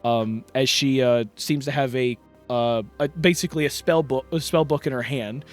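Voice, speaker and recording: A man's voice: mid-range voice, normal speed, faint music behind. A man narrating as dungeon master in a rambling way, full of fillers. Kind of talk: narrating a tabletop game.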